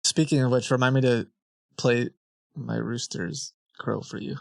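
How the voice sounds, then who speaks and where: A man hosting a podcast in casual chat, playfully acting clueless and deadpan while prank-calling a scammer. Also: medium pitch, measured pace, vocal fry.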